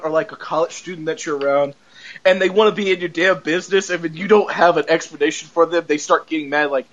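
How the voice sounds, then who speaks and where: A man hosting a podcast in casual chat, animated, laughing often and swearing freely. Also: high voice, rough recording. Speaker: podcast host. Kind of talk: casual chat recapping a show.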